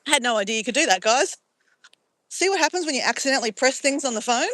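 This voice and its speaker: A middle-aged woman live-streaming from her phone, her voice fairly high and bright, swooping up and down with playful delight. The sound is close and dry. She chats casually to her viewers and exclaims at whatever she finds. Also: animated, quick pace, dry recording, poor audio. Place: outdoors near a beach.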